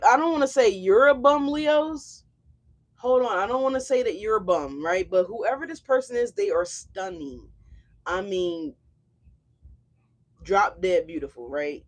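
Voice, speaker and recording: A tarot reader hosting a casual live reading, talking straight to viewers in an effusive, slangy, exclamatory way, with frequent swearing. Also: medium pitch. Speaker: tarot reader, channel host.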